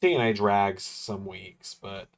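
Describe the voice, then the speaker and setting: A man's voice: fairly low pitch, steady tone, slow, creaky. A man hosting a livestream watch-along, chatting casually in a rambling, laid-back way with the occasional chuckle. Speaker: livestream host. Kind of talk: casual chat during a wrestling watch-along.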